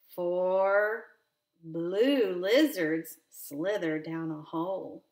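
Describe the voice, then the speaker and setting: A woman reading a counting picture book aloud with expression, stopping to ask a child gentle questions. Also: mid-range voice, lively intonation, extremely slow. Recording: roomy echo.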